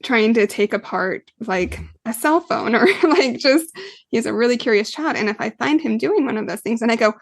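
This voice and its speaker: A woman with a somewhat high voice explains parenting to a podcast host in an earnest, unhurried way, dotted with small fillers. She sounds close to the mic, with a dry, roomless sound. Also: expressive, vocal fry, no room sound. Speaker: guest expert, parenting coach. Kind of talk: podcast interview.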